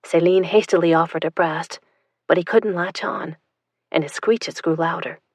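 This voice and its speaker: A woman narrating an audiobook in a tense, hushed storytelling manner. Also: fairly low pitch, fairly even intonation, normal speed, no room sound.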